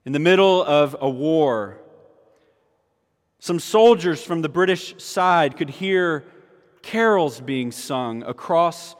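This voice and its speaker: A man's voice: on the high side, takes it slowly. A male pastor giving a sermon, emphatic and repeating key phrases for weight. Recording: long hall reverb.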